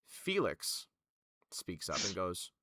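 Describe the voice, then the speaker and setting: Man game master, loose narration, lots of fillers, low voice, dry close sound. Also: wildly swooping pitch, slow pace, pushed and bright, no echo.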